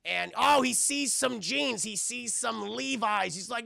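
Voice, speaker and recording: A sarcastic male streamer rants through a film scene by scene and talks straight to his chat. His voice is high and heavily gravelly. It comes across bright and tense, in a dry, close sound. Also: unhurried. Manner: profane and animated, often addressing the chat. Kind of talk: casual live-stream film recap.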